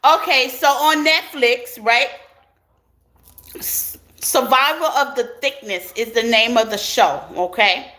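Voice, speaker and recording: A woman's voice: fairly high pitch, slow, sharp tone. A woman giving a casual tarot reading to her viewers, chatty and laughing often as she talks straight to them. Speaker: tarot reader. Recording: clear background noise.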